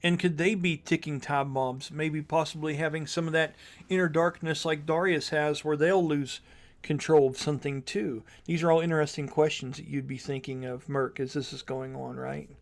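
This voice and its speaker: A man's voice: on the high side, steady tone, moderate pace, gravelly. A man narrating as game master in a tabletop game, casual, thinking aloud with fillers.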